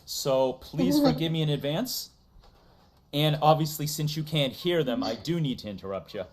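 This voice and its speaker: A woman's voice: low-pitched, big pitch swings, moderate pace, a little mellow. A woman with a Massachusetts accent, hosting a casual livestream and playfully reading out donations. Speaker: stream host.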